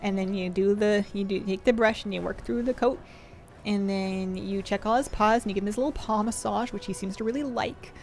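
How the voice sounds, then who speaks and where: A woman's voice: mid-range voice, a little fast. A woman streamer chatting casually, rambling and affectionate, often restarting her sentences. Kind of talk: casual chat.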